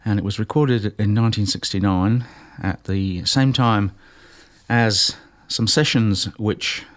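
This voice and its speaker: Between tracks on his jazz radio show, a deep-voiced man talks casually and without hurry, with plenty of pauses and fillers.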